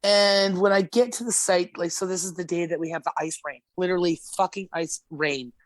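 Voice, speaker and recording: A woman's voice: fairly low pitch, fairly even intonation, a little fast, no echo. Blunt, profane woman telling stories. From Alberta, Canada. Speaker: gas service technician, podcast guest. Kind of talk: casual podcast storytelling.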